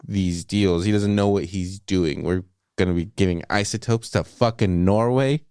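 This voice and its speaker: A man co-hosting a movie podcast, retelling film scenes in a casual, profane, animated way. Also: sits low, normal speed, clean tone, dry recording, clean studio sound. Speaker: podcast co-host.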